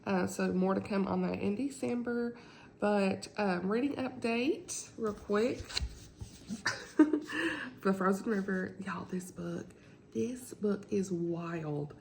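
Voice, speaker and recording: Lady rambling about her books at home, kinda gravelly morning voice, laughs a lot. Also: measured pace, a little mellow, a little hiss or hum, rough recording. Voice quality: deep morning voice. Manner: chatty, rambling, laughs often. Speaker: book vlogger. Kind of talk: casual chat.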